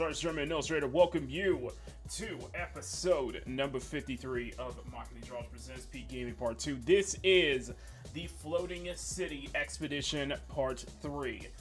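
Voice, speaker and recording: Young male streamer host, fairly high voice, loose rambling chat, soft game music underneath. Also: normal speed. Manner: chatty, rambling, with frequent fillers and restarts. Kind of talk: casual livestream chat. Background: faint menu music.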